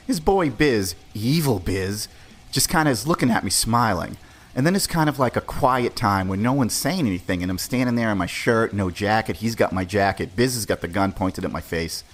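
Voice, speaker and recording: A man's voice: on the low side, expressive, moderate pace. A man in his forties from the Boston area, hosting a podcast and telling a story in a loose, profane, chatty way. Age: 40s. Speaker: podcast host. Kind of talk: casual storytelling.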